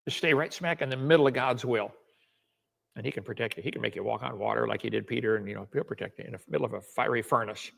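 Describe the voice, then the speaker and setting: A man's voice: medium pitch, fast, gravelly, fairly bright tone. A man preaching a sermon in an earnest, storytelling manner.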